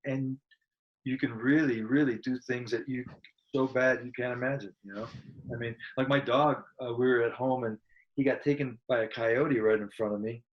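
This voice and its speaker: A man, a guest musician in a casual interview, telling a personal story in an earnest, reflective way that turns animated as he relives it. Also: medium pitch, normal speed, lo-fi sound, a little hiss or hum.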